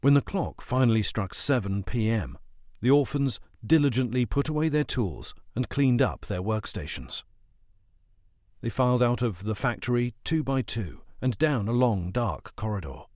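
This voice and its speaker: A man narrating a children's adventure story as an audiobook, with expressive storytelling. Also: mid-range voice, normal speed, no echo, clean studio sound.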